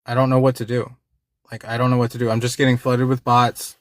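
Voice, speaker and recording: A man's voice: mid-range voice, little pitch movement, fairly quick, dry recording, clean studio sound. A man hosting a livestream, talking casually and with frustration to his chat, swearing and repeating himself. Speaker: livestream host.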